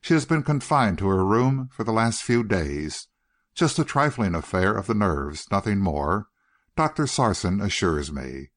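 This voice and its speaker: A man's voice: fairly low pitch, sing-song, a little slow. A man voicing an elderly uncle who speaks in a purring, falsely tender way that hides menace.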